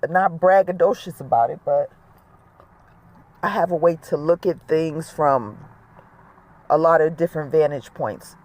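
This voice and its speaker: Slow, earnest middle-aged spiritual speaker. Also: medium pitch, no room sound. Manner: slow, earnest, repeats key words for emphasis. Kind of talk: reflective spiritual monologue.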